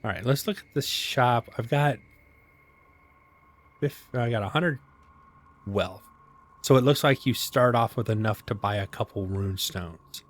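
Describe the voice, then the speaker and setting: A man's voice: medium pitch, measured pace, long pauses. A man casually commenting as he plays, thinking aloud and poking fun at himself. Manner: thinking aloud, self-deprecating, chuckles. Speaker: gaming channel host. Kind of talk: casual let's-play commentary. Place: home gaming setup.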